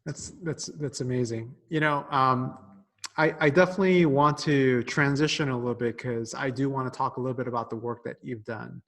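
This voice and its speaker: A man's voice: medium pitch, fairly quick, fairly bright tone. Man, podcast host, interviewing, casual fillers. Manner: attentive, with brief affirmations and laughs.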